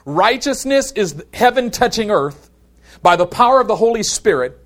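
A man preaching a sermon in an emphatic style. He slows down to dwell on scripture and climbs higher and louder through lists of words. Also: big pitch swings.

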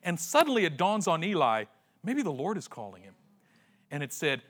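A man preaching a sermon, retelling a story with slangy acted-out voices and dramatic pauses. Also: fairly high pitch, huge pitch swings, fairly bright tone. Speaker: pastor.

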